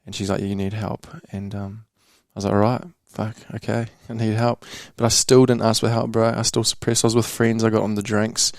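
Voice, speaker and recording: A man's voice: on the low side, flat delivery, brisk, few pauses, dry recording, clean studio sound. A young man from New Zealand telling a candid personal story on a casual podcast, slangy and swearing, calling the host bro. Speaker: podcast guest.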